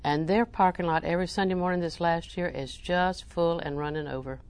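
Animated woman preacher. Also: lowish voice, fairly quick, a little hiss or hum. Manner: animated, rising to near-shouting emphasis. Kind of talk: sermon.

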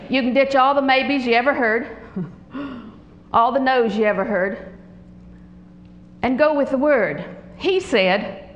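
An older woman preaching a sermon, animated and humorous, telling stories with frequent laughter. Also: sits high, echoey room, low-quality recording.

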